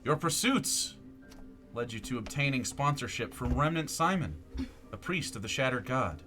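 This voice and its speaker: A man's voice: medium pitch, animated, moderate pace, music in the background. A man running a tabletop game as game master, telling the story so far in a dramatic storytelling manner.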